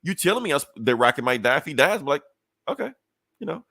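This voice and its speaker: A man hosting a podcast in casual chat, profane and animated, laughing often and jumping high in pitch when worked up. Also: quick pace, vocal fry, dry recording, clean studio sound. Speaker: podcast host.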